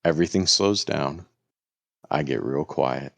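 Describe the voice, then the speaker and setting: A man's voice: rumbling low, measured pace, vocal fry, dry recording. A man, a lawyer, telling a story on a casual podcast and acting out the lines people said. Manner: animated, acts out quoted lines.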